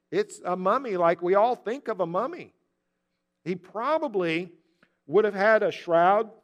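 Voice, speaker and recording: A man's voice: high voice, a bit bright. A man in his sixties, a pastor, preaching a sermon and telling the story with wry humor.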